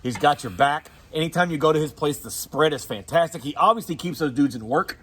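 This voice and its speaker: Fast-talking man, casual movie chat. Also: fairly high pitch, fairly bright tone, breathy edge. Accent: Southern US. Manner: rambling, profane, quick, laughs often. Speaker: co-host.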